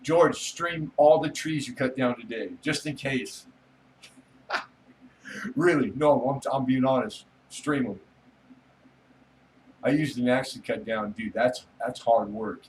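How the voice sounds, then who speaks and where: A man's voice: medium pitch, slow, long pauses, slight background noise. Man, livestream host, casual and crude, mid-range voice, slightly distant mic. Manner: rambling, joking, laughs often, swears casually. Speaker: livestream host chatting with viewers. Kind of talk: casual late-night livestream chat.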